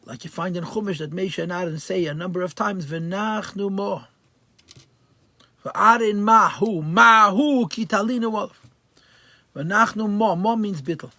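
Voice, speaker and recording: A man's voice: high voice, moderate pace, few pauses, fairly bright tone, no room sound. A man teaching a Torah class as a rabbi, translating verse by verse and stressing key words. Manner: translates verse by verse, mixing Hebrew and Yiddish terms into English.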